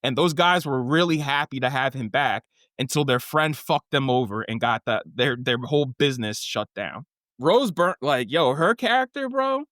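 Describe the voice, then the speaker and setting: A man co-hosting a podcast, casually recapping a TV show with lively, profane storytelling and acted-out quotes. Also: mid-range voice, normal speed, no echo, studio quality. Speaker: podcast co-host.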